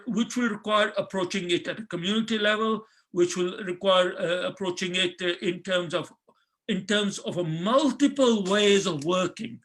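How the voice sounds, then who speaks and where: A man's voice: high-pitched, sharp tone. A middle-aged man giving a conference talk, earnest and full of fillers and restarts. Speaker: panel speaker.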